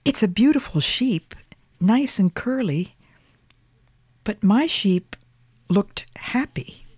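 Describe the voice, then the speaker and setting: A reader voicing a quiet, earnest seven-year-old boy who whispers politely in a storybook. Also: mid-range voice, lively intonation, slow pace, slightly rough, dry recording, pitched above the performer's own voice. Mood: hushed polite. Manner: soft, hushed pleading whisper.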